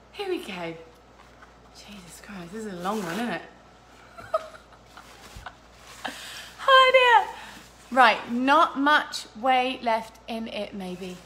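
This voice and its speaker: Chatting casually to live viewers from her kitchen, a woman runs a home cooking vlog, working through a recipe in a giggly, chaotic way and swearing freely. Her voice is a little high, and the background is noisy.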